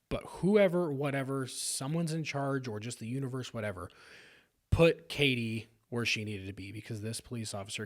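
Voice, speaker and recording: Casting note: earnest man from Sacramento, candid storyteller, mid-pitched voice, stumbling restarts. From South Sacramento, California. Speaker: podcast guest.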